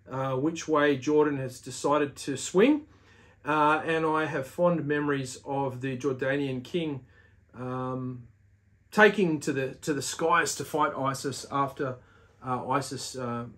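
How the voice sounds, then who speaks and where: A man's voice: medium pitch, fairly bright tone. A man hosting his own video and giving a casual religious teaching monologue, earnest and exhorting, with frequent "uh" fillers.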